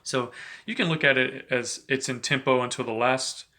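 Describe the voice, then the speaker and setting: A man giving a relaxed, chatty saxophone lesson, talking between played examples and filling his talk with "you know". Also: mid-range voice, normal speed. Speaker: saxophone teacher. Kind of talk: casual instructional talk between playing examples.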